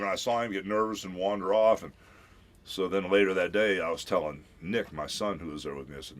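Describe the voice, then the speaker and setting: A man in his fifties, a celebrity guest on a radio show, telling a lively story and acting out what people said, calling everyone brother. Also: deep voice, quick pace. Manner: animated storyteller who acts out quotes, calls people brother. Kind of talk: casual radio interview storytelling.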